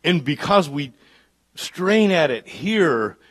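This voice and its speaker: A pastor preaching a live church sermon, dropping to hushed asides and climbing to loud, emphatic peaks. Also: male voice, a little high, very animated, takes it slowly. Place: church service.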